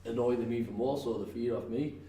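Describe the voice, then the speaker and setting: Speaking a little fast with fairly even intonation, the man has a medium-pitched, dark voice and a North East English accent. He's a pro wrestler guesting on a podcast, chatting casually, laughing a lot and rambling with many fillers and restarts. The recording has echo, faint noise and a distant mic.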